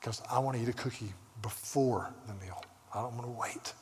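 An older man from the South, preaching a sermon as a pastor and moving from quiet storytelling asides to loud, emphatic scripture reading. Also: mid-range voice, fairly quick. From Southern United States. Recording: long reverb of a large hall.

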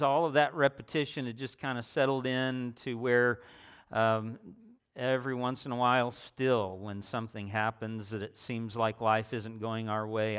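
A man preaching a sermon in a conversational way, slowing down and repeating phrases for emphasis and asking the listeners questions. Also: mid-range voice, a bit bright, clear, resonant tone. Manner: slow, deliberate delivery with repetition for emphasis; conversational, with fillers and rhetorical questions.

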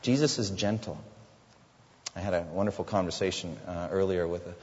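A pastor delivers an earnest sermon in a low male voice. The sound is dull and lo-fi, and a long reverb trails behind each phrase as if he speaks in a large hall. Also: a little fast, a little mellow. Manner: earnest preaching, voicing quoted figures with rising pitch.

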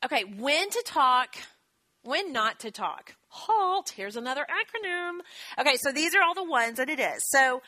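Lady in her 30s teaching a marriage class, bright voice, chatty, pokes fun at herself. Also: high-pitched, lively intonation. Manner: chatty, self-deprecating, quick asides. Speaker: speaker at a church marriage class. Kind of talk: teaching talk with scripture.

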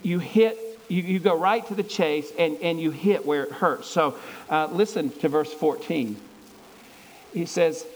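A pastor with a high voice preaches earnestly and conversationally, stumbling and restarting as he reads scripture and explains it. The recording is low quality.

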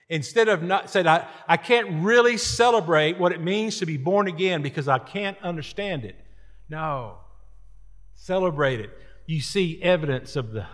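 Preacher in a reverberant hall. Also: male voice, on the high side. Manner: earnest, repetitive preaching cadence. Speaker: pastor. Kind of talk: sermon.

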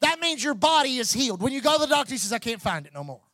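High-voiced preacher, dry close sound. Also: male voice, sing-song, rapid-fire, no room sound. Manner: preaching with rising, shouted repetition. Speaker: pastor. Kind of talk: sermon.

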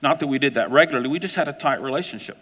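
A man preaching a sermon, telling a personal story in a conversational, animated way. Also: medium pitch, racing, big-room sound. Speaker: pastor.

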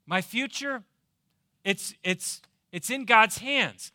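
A man's voice: high voice, slow pace, sharp tone, no echo, studio quality. A man preaching a sermon as pastor, emphatic, asking rhetorical questions and repeating key phrases. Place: church.

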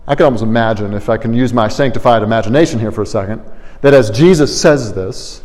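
A man's voice: mid-range voice, fast, darkish tone. A man preaching a sermon as pastor, earnest and explanatory, painting vivid word pictures. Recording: long reverb of a large hall.

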